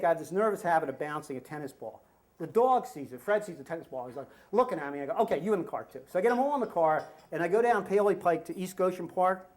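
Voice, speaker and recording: A middle-aged American man telling a comic story live at a story slam, acting out the shouted quotes. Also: sits high. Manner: animated, acts out shouted quotes. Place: live venue with audience laughter.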